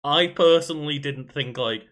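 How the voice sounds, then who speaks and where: A man's voice: on the high side, normal speed, fairly bright tone. Man, casual podcast chat, laughs often, loose storytelling. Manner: laughs often, tells stories with many fillers. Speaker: podcast co-host.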